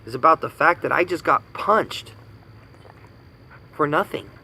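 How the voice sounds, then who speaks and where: A man's voice: on the high side, lively intonation, measured pace, creaky, pushed and bright, slightly rough, low-quality recording. A man in his thirties from the United States giving an angry personal rant, indignant and profane, hammering points with repetition. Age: 30s. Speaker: vlogger ranting.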